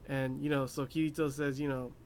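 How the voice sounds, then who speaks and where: Young male anime reviewer, mid pitch, loose rambling recap with faint background noise. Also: flat delivery, a little fast, a little mellow. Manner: rambling, many fillers, laughs at his own asides. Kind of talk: casual episode recap.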